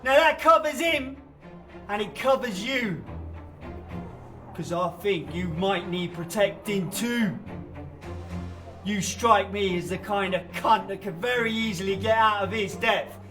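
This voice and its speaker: An actor playing a menacing gangster who shouts and swears as he threatens someone. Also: sits high, a little slow, pauses often, over music. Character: menacing male gangster twin, brutal. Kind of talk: film acting. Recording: distant voice over film score.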